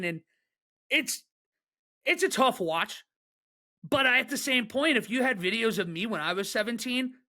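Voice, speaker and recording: A man co-hosting a sports podcast, ranting and joking in a casual, excitable way. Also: high voice. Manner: excitable, joking, fast rants. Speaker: podcast co-host.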